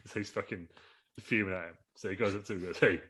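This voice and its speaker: Low-voiced man telling a rambling comic story. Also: fairly bright tone, breathy edge. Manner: rambling, laughing, with many fillers. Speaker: podcast co-host. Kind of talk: casual comedic storytelling.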